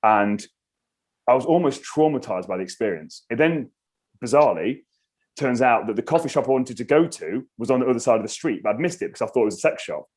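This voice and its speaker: A man, a podcast guest telling a story in casual chat, animated and swearing freely. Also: medium pitch, fast, slightly rough. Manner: animated, swears freely, acts out his own reactions.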